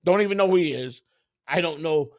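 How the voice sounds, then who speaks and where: A man hosting a podcast, telling a crude comic story in a profane, animated way. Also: on the high side, a little fast, dry recording, studio quality. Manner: profane, animated, acts out other people's voices in quotes. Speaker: podcast host.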